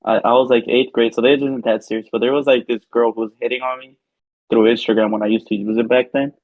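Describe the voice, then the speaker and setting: A man's voice: mid-range voice, little pitch movement, fast, no room sound. A young man, a podcast co-host, telling a rambling, filler-heavy story in casual chat. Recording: dull lo-fi sound.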